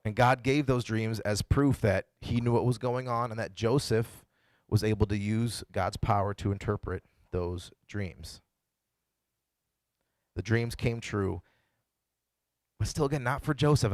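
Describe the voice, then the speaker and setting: A man's voice: lowish voice, moderate pace, no room sound. A man pastor giving a casual, conversational sermon and retelling the story in his own words. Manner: conversational, playfully voices the characters he quotes.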